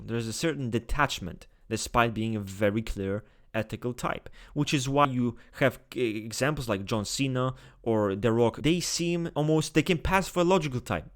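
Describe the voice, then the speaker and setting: A man hosting a casual tier-list video, talking straight to his viewers in a blunt, excitable, swear-heavy way. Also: medium pitch. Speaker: typology video host.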